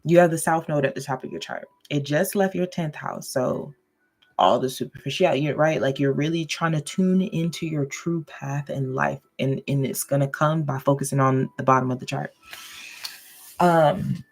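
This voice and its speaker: A woman's voice: low-pitched, normal speed, a little mellow. A woman giving a casual, goofy tarot and astrology reading, laughing often and checking in with listeners. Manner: addresses listeners directly, checking in with "okay?".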